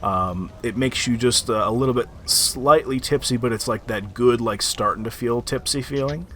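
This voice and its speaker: A man's voice: medium pitch, moderate pace, fairly bright tone. A male game master narrating a tabletop session in a mid-range voice. He rambles, filling gaps with ums and likes, over faint background noise. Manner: rambling, filler-heavy narration.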